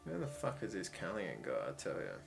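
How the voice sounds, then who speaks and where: A man casually commenting on a video game he plays, chatty, excitable and swearing often. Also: low-pitched, a little fast, vocal fry. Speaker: let's play host. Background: game music.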